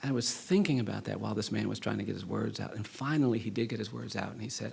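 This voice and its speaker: A middle-aged man giving a storytelling lecture as a law professor, speaking with a measured, repetitive cadence and quiet intensity that builds to emphasis. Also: fairly low pitch, gravelly, husky. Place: lecture hall.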